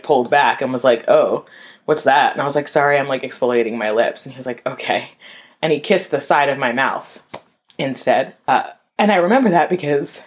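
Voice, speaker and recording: A young adult woman telling a personal story in a candid, conversational way, full of "like" and calling listeners y'all. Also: low-pitched. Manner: candid, conversational, frequent "like" fillers.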